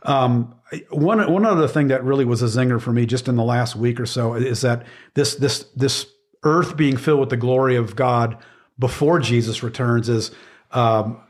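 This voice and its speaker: A man's voice: medium pitch, moderate pace. A middle-aged man explaining Bible passages in casual conversation, earnest and emphatic, often repeating words as he searches for phrasing.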